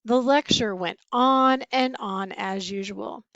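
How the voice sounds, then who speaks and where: A woman teacher reads a bedtime story aloud, her delivery slow and expressive. The recording is dry and a little dull, with no room echo. Her pitch sits in a middle range. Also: vocal fry. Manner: expressive, animated reading.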